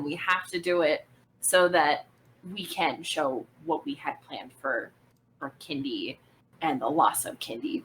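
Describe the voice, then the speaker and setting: A woman's voice: deep voice, a bit bright, a little hiss or hum, rough recording. A woman guest chatting casually over a call, eager but hesitant, often restarting her sentences.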